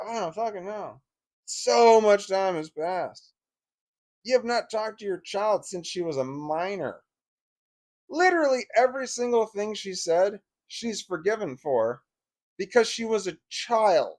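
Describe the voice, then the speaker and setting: A man's voice: high-pitched, very animated, a little slow, a little mellow. A man telling a personal story in a vlog, emotional and blunt, swearing freely and often restarting his sentences. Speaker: vlogger.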